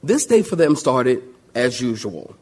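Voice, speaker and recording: A man preaching a sermon, telling a Bible story with lively, animated delivery and acting out the voices of the people in it. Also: medium pitch, a little slow, husky.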